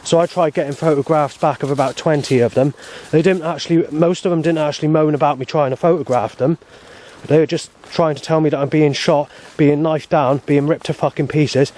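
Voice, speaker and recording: A man's voice: fairly high pitch, darkish tone. A man, rambling in an aggrieved personal monologue, swearing often and restarting his sentences. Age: 40s. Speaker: vlogger.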